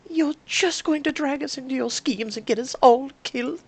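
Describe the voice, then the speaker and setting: A woman's voice: sits high, normal speed, no room sound, voice pushed up. A woman voicing a sullen, resentful young male servant in a story game, speaking curtly. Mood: angry. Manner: curt, resentful.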